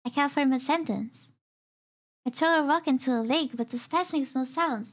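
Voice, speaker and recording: High-voiced woman streamer reading a game aloud. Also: moderate pace. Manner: soft, hesitant reading with filler sounds. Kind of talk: reading a visual novel aloud. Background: faint game music.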